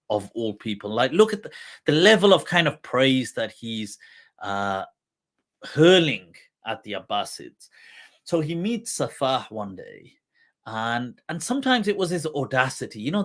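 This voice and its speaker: A man teaching on a livestream, telling a story in an unhurried way and chuckling often. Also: mid-range voice. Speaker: Islamic teacher.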